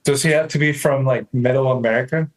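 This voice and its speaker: A man co-hosting a podcast, easygoing and riffing in a deadpan way. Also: mid-range voice, quick pace. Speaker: podcast co-host. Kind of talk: casual comedic podcast chat.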